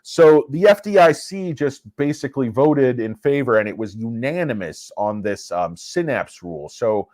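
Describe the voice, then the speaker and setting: A man hosting a stock investing channel, giving casual, rambling market commentary in an excitable, self-mocking way. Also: medium pitch, moderate pace, few pauses, no room sound, studio quality.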